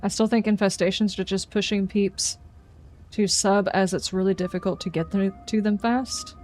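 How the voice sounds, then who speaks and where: A woman talks her way through a live gaming session at a middling pitch, reacting aloud and answering viewers in a relaxed, wry way. Soft music plays faintly underneath. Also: normal speed. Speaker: gaming livestreamer. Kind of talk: casual live gameplay commentary, chatting with viewers.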